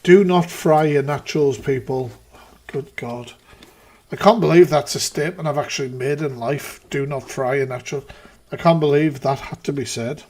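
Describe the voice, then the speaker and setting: A man's voice: mid-range voice, moderate pace. A man hosting a live reaction stream, talking casually with exasperated, profane rants.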